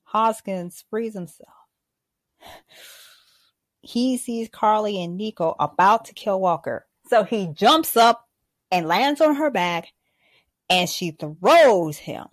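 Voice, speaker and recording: A woman hosting a podcast, recapping an episode with excited, dramatic play-acting of the characters. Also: takes it slowly, long pauses, no echo. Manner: acts out characters with big pitch jumps and gasps. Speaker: podcast host.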